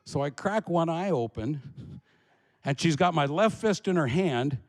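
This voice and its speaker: A man from Alaska telling a comic story about himself, animated and laughing as he goes. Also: fairly high pitch, measured pace, big-room sound.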